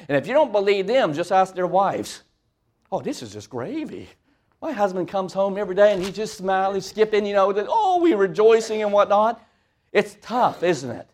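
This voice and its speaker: A preacher giving a conversational sermon, asking the congregation questions. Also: male voice, a little high.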